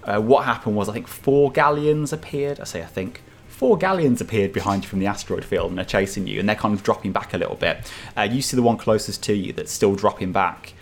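A man's voice: fairly low pitch, lively intonation, a little fast, few pauses. A man narrating as dungeon master in loose, filler-heavy descriptions. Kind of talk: narrating a tabletop game.

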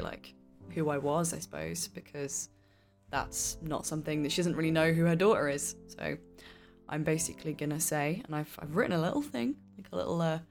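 Female player, deep voice, faltering emotional delivery, soft music bed. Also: gravelly. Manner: emotional, halting, with many restarts. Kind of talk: playing a tabletop game in character.

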